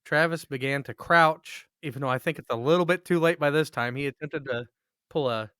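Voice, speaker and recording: A man's voice: on the high side, fairly quick, pushed and bright, clean tone, dry recording, clean studio sound. A man co-hosting a podcast, telling a story in a crude, joking way with plenty of swearing. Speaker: podcast co-host. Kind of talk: casual storytelling chat.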